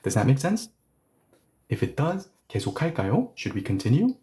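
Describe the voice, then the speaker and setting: A man's voice: mid-range voice, huge pitch swings, fast talker, warm tone. A man teaching an online language lesson, explaining step by step and often checking in with "right?".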